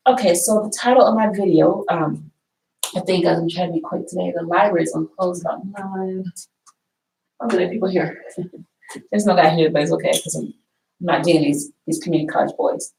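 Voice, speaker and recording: Gravelly, chatty woman in a library. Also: on the low side, fairly even intonation, moderate pace, pauses often, darkish tone, a little hiss or hum, rough recording. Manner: chatty, rambling, repeats herself. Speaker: vlogger. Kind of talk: casual talk showing books. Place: college library.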